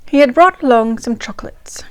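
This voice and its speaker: A woman's voice: fairly high pitch, a little fast, clean tone, lightly acted. Woman putting on a chatty 1920s English diarist. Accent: put-on English. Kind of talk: reading a diary aloud. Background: faint ragtime music.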